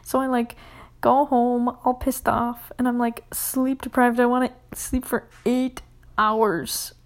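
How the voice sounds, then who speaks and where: A young woman with a fairly high voice tells a rambling casual story. She swears freely and fills every sentence with "like", and she keeps slipping into a hushed whisper. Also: little pitch movement, slow pace. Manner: rambling, profane, full of "like"; often drops to a whisper.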